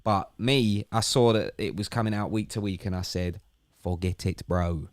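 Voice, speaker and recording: A man co-hosting a casual podcast chat, rambling and animated, often repeating words as he gets going. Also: lowish voice, normal speed, no echo. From United Kingdom. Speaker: podcast co-host. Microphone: studio podcast mic.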